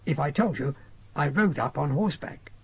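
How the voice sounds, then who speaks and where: A polite, cautious young army captain, as a man voices him in an audiobook. The delivery stays close to the reader's own voice, raspy and gravelly. The pitch moves in a lively way. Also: moderate pace, heavily acted.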